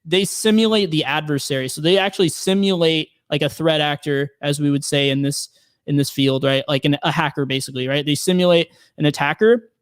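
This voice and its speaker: Chatting as a podcast guest, a penetration tester describes his job, stumbling through fillers and restarting often. He talks fairly quickly in a smooth, slightly high voice, captured in a clean studio with no echo.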